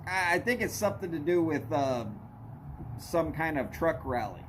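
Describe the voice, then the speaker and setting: A man's voice: a little high, animated, normal speed, noisy background. A middle-aged man hosting a live stream, chatting casually and telling rambling jokes and stories. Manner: rambling, joking storyteller.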